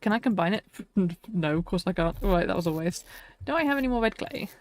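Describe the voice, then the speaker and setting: A woman's voice: fairly low pitch, animated, brisk, darkish tone. A woman streaming a survival game, chatting to viewers and talking herself through tasks, laughing often. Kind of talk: casual live-stream chat.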